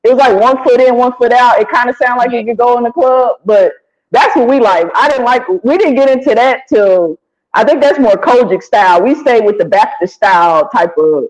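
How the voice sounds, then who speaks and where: A relaxed podcast host talks with a guest in a loose, chatty way, quick to laugh. The voice sits at an ordinary middle pitch. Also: rough recording. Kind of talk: casual interview chat.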